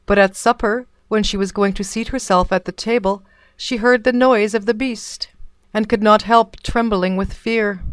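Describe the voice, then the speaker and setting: A woman narrating a fairy tale in a measured, even storybook reading. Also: mid-range voice, smooth, no room sound.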